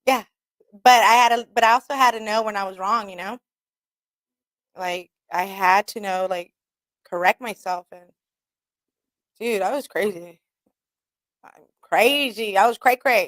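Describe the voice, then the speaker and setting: On her radio talk show, a woman talks candidly and casually, cursing often, laughing a lot, and voicing herself in skits. Her mid-range voice is fairly bright and a little slow, and she pauses often. The recording has no echo.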